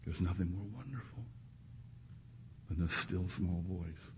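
A male preacher delivering a sermon to a live congregation, dropping to hushed, intimate lines and then rising to loud, emphatic ones. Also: low-pitched, measured pace. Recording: muffled recording with faint background hiss.

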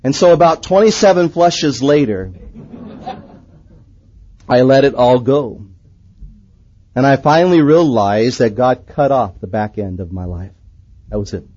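A man preaching a sermon and telling his own story in a lively way, swinging from excited to hushed. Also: medium pitch, slightly rough, highs cut off. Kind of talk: sermon with personal testimony.

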